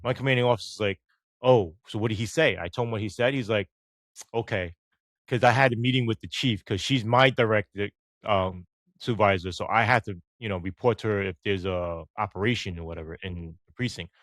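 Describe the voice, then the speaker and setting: A middle-aged man, a former police officer telling stories in an interview, animated and swearing casually as he acts out the dialogue. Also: fairly low pitch, fast, no echo. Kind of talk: storytelling interview.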